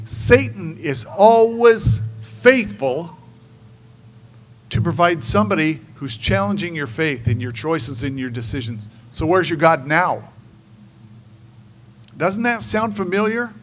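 Brief: male preacher with a fairly high voice, emphatic sermon, soft hiss behind him. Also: poor audio. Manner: emphatic, swinging between hushed and raised.

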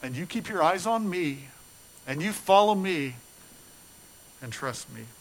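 An older pastor delivers an earnest sermon built around a story, growing animated before dropping to a low, soft tone. He speaks at a measured pace, and the recording quality is low.

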